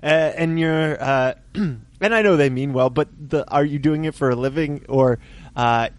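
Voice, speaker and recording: A man on his podcast talks in a relaxed, rambling way, full of small fillers. His voice sits a little above average pitch. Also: measured pace. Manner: relaxed, filler-heavy, does the show plugs. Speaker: podcast co-host, magician. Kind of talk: casual chat.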